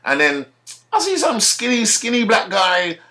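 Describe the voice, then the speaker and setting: Guy ranting on his vlog, cursing a lot, kinda high bright voice. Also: unhurried. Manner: rambling, profane, animated storytelling. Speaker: vlogger. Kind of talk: ranting monologue.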